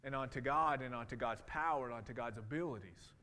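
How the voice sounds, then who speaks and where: Preaching in a conversational style, a man in his thirties talks fast at a medium pitch, his voice pushed and bright, with many fillers and restarts. Long reverb from a hall surrounds him.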